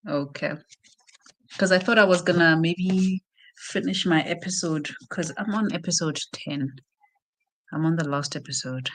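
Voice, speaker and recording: A South African woman chatting casually on a live reading stream, retelling a book plot with animated asides. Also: low-pitched, unhurried. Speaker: reading sprint host. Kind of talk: casual chat.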